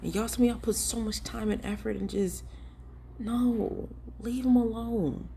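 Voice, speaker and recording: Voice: medium pitch, steady tone, unhurried, creaky, dark tone, a little hiss or hum. A ministry vlogger giving earnest, emphatic commentary and talking straight to viewers in a casual, pleading way. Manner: casual and direct, addressing viewers as y'all. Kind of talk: preachy vlog commentary.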